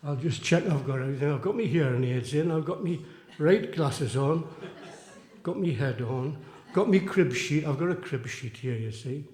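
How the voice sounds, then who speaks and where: A man in his eighties with a Geordie accent softened by years in London, chatting and telling self-mocking jokes between songs as a folk singer on a small theatre stage. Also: fairly high pitch, normal speed. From Tyneside, England. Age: 80s. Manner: chatty, rambling, self-mocking joke teller. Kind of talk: live folk club patter between songs. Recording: roomy live theatre sound.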